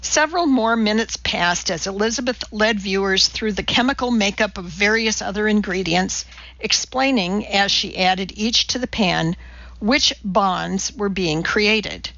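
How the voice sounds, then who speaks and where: Woman narrator, deadpan and exact, slow and bright, dry lo-fi audiobook. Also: mid-range voice, no echo. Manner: deadpan, precise, lecturing delivery. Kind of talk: scripted narration. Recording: dull lo-fi dry audiobook recording.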